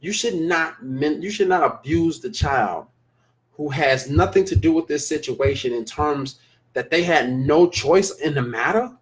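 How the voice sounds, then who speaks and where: Guy doing a live stream, kinda high voice, keeps repeating stuff to hammer it home. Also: unhurried. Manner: emphatic, repeats phrases for stress. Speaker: live show host reading viewer comments. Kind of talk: casual live-stream talk.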